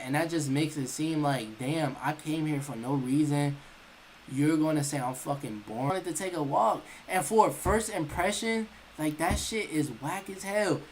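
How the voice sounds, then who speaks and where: A young man streaming, telling a story casually in an animated, slangy way and acting out what people said. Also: on the high side, slight background noise, poor audio. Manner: animated, profane, slangy, acts out quotes.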